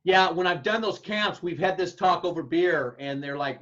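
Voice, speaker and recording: A man, a football coach, giving blunt, folksy advice to other coaches and acting out his own yelled calls. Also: high-pitched, normal speed. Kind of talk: casual advice talk to coaches. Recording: dull lo-fi sound.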